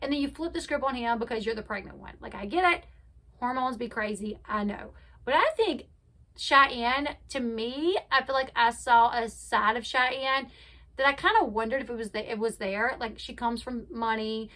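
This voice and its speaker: Bright, high-voiced woman recapping gossip. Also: normal speed. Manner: chatty, opinionated, retells scenes by acting out quotes. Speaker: reality TV commentary host. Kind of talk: casual recap commentary.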